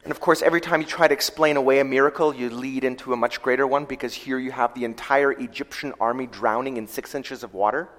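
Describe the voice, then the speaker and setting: A man preaching a sermon, retelling scripture in a storytelling way, slowing down for quoted verses and letting his volume rise and fall. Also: medium pitch, steady tone, a bit bright. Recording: long hall reverb.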